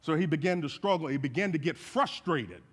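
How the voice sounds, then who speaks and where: A man's voice: on the high side, a little fast. Man preaching in an echoey hall. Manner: animated storytelling with folksy asides. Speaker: guest speaker. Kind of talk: sermon. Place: church sanctuary.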